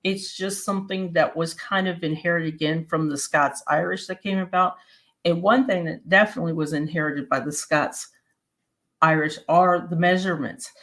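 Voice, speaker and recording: A woman from Maryland and West Virginia giving an explanatory presentation in a steady, plain-spoken teaching manner. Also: fairly low pitch, moderate pace. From Maryland and West Virginia, USA.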